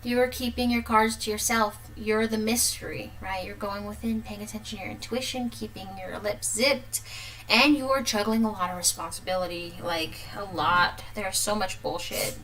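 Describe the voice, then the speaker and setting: Tarot reader, woman in her 30s, chatty, laughs a lot, mid-pitched voice. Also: steady tone, normal speed, a bit bright, poor audio. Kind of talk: casual tarot reading.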